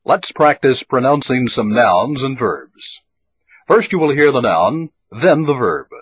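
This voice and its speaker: Man reading out drill prompts, steady and instructive, kinda husky, muffled dry old tape. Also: medium pitch, no room sound. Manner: measured, instructive delivery. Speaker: lesson prompter. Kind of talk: scripted language drill instructions. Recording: dull lo-fi old tape recording.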